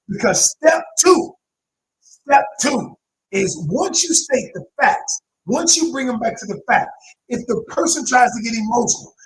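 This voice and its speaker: A man's voice: extremely high pitch, slight background noise, poor audio. A man giving an emphatic teaching talk as a relationship coach, repeating key phrases and speaking straight to his listeners.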